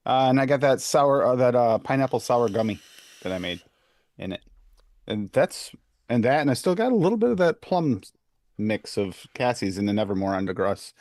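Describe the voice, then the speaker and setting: A man's voice: mid-range voice, expressive, moderate pace, darkish tone, no room sound. Man, panelist, matter-of-fact, dry close sound. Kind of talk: casual chat.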